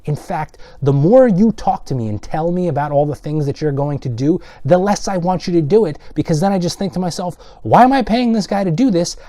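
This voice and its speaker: A man ranting in a casual vlog, rambling and exasperated, often mimicking the people he complains about. His voice is mellow and low in brightness, with no bounce from the room. The recording is close and dry. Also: fairly quick, hardly any pauses, no echo. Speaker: video blogger.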